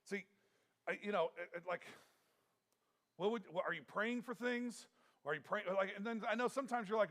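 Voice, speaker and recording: A man's voice: high voice, normal speed, long pauses, fairly bright tone. A man preaching a sermon as pastor, earnest and emphatic, often repeating himself and restarting phrases.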